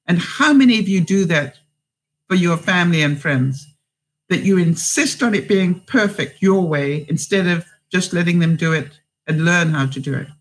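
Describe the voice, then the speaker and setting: A woman's voice: on the low side, animated, moderate pace, low-quality recording. A woman hosting a live stream. She reads viewer comments aloud and answers with encouraging advice, rambling with plenty of fillers and restarts. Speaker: vlogger and host.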